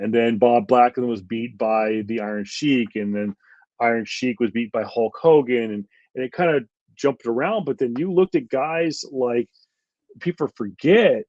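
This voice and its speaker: A man's voice: mid-range voice, darkish tone, dry recording, lo-fi sound. A man co-hosting a podcast, giving rambling, heated opinions with lots of fillers. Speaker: podcast co-host. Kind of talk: casual chat.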